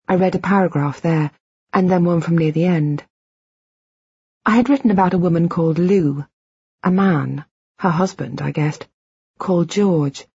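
A woman reading a first-person audiobook in a measured, reflective, quietly intimate way. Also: fairly low pitch, husky, dry recording, highs cut off. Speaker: audiobook narrator.

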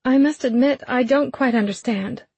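A woman's voice: sits high, moderate pace, dark tone, breathy edge, no room sound, voice pushed up. Figure: a woman voicing an anxious, guarded young noblewoman who asks pointed questions. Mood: worried.

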